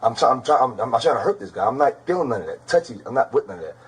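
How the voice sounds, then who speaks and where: A man being questioned, giving a rapid, rambling account and repeating "bro" constantly. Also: mid-range voice, big pitch swings, breathy edge, poor audio. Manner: rapid, repetitive, keeps saying bro. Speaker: interrogated suspect.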